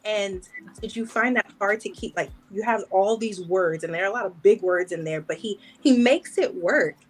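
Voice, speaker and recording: A woman's voice: mid-range voice, normal speed, poor audio. A woman co-hosting a podcast, asking long, rambling questions full of restarts. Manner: rambling, self-interrupting questions. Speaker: podcast co-host. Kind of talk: casual interview chat.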